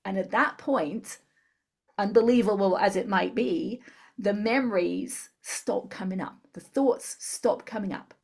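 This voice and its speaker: Interview guest, woman, husky mid voice, patient instructor explaining method. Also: medium pitch. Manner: calm step-by-step instructor. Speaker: guest, tapping therapy practitioner.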